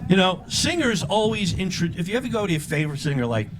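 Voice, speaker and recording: An older male comedian working a live room with a punchy delivery, and his speaking voice sits a bit on the high side. He often jumps into loud, high character voices. Audience laughter carries through the recording. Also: sing-song, fast talker. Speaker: stand-up comedian. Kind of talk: live stand-up routine. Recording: live show with crowd laughter.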